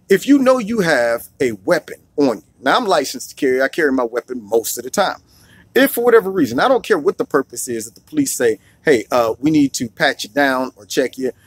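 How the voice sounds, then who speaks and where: A man who was once a school principal gives an opinion monologue, animated and acting out the people he quotes. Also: fairly high pitch, slightly rough, dry recording. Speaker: political commentator, former school principal.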